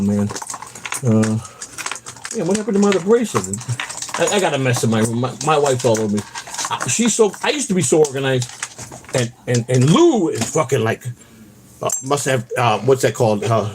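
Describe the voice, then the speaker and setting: A man's voice: fairly high pitch, slightly rough. A middle-aged man hosting a live stream, chatting in a loose, profane and rambling way. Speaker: channel host. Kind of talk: casual live-stream chat.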